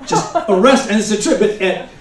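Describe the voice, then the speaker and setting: Brief: male stand-up comic, loose rambling storyteller who bursts into shouted bits, echoey live-venue sound. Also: high-pitched, brisk. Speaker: stand-up comedian. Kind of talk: stand-up comedy set. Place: comedy stage before a laughing audience. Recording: roomy live venue, mic heard from a distance.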